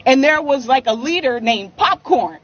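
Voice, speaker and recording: A woman's voice: high voice, lively intonation, normal speed. A woman telling an anecdote to an audience in a conversational, storytelling way, heard from a played clip. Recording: dull played-back clip.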